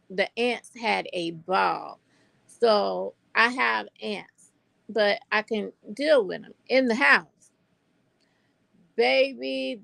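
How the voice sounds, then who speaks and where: A woman's voice: mid-range voice, gravelly, a bit bright, no echo. An older woman with a North Carolina Southern accent, chatting to viewers as a vlogger and telling a story, calling them y'all. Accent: North Carolina Southern American. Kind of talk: casual chat to camera.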